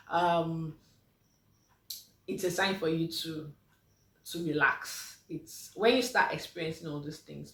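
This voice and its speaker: Speaking on the low side and far from the mic, a woman physiotherapist gives mothers a relaxed health talk in an echoey room. She's chatty, leans on fillers, and plays out the answers she quotes, her voice coming from off mic.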